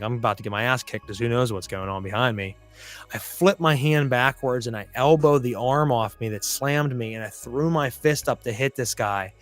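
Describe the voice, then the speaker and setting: A man hosting a podcast, telling a story from his past in a blunt, profane monologue. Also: mid-range voice. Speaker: podcast host.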